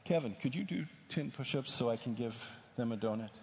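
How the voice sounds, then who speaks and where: A man's voice: mid-range voice, expressive, brisk, close to an everyday voice. A preacher voicing an earnest male college professor who speaks patiently, recorded in an echoey hall.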